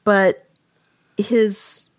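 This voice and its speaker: A woman's voice: medium pitch, little pitch movement, very slow, no echo. A woman co-hosting a casual book discussion podcast, chatting and reading passages aloud. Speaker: podcast co-host.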